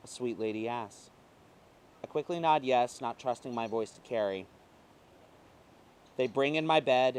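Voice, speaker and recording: A man reading a first-person short story aloud, emotive and swinging between quiet passages and intense ones. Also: mid-range voice, a little hiss or hum. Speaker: reader.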